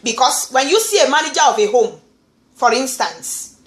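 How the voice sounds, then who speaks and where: A woman from Nigeria with a Nigerian accent, talking in an animated vlog monologue and often repeating words. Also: high voice, normal speed, reverberant. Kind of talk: casual monologue.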